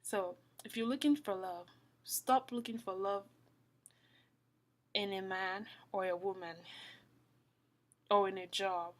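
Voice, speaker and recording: An earnest woman speaks an informal devotional message to the listener. She repeats phrases for emphasis and often sinks into a soft, close whisper before her voice rises again with conviction. Her pitch sits in a middling range. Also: fairly even intonation, slow pace, long pauses. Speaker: Christian speaker. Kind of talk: heartfelt spoken devotional talk.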